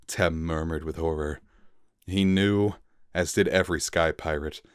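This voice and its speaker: A man reading a fantasy novel aloud in a dramatic storybook style with pauses for effect. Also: low-pitched, no echo, clean studio sound. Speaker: reader.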